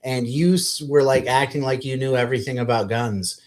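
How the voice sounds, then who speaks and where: A man's voice: medium pitch, moderate pace. Guy cohosting a podcast, swears a lot, blunt, gets worked up. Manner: blunt, profane, animated when ranting. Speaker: podcast co-host. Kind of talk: casual chat.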